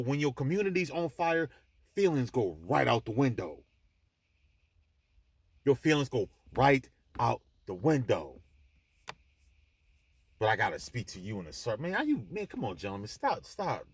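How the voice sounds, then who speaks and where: A man's voice: medium pitch, big pitch swings, normal speed, long pauses, slightly rough, dry recording. A man hosting his own vlog, delivering a blunt, emphatic, preachy monologue with frequent restarts, speaking from an airport. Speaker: vlog host. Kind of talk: impassioned monologue to the camera.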